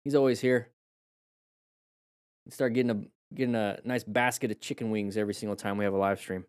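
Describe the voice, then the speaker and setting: A man's voice: fairly low pitch, steady tone, a little fast, smooth, no echo, studio quality. A man casually commenting on motorcycle crash clips during a live stream, rambling and restarting sentences, coaching with praise and jokes for the chat. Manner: rambling, chatty, with frequent restarts and fillers.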